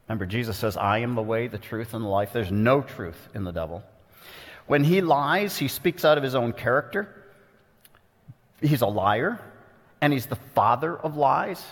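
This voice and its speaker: Man preaching in a reverberant hall. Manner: earnest, pointed, dramatic shifts in pitch for quoted voices. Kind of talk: expository sermon. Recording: long reverb of a large hall.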